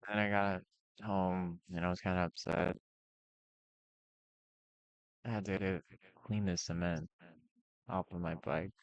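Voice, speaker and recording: Low-voiced man rambling through a story. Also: fairly even intonation, slow, long pauses, dry recording, dull audio. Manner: rambling, lots of fillers and restarts. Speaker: vlogger. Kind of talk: casual storytelling commentary.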